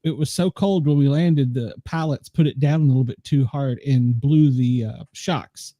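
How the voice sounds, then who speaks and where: Laid-back man from the US South, warm tone. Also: medium pitch, normal speed, no echo. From Southern United States. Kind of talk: casual storytelling.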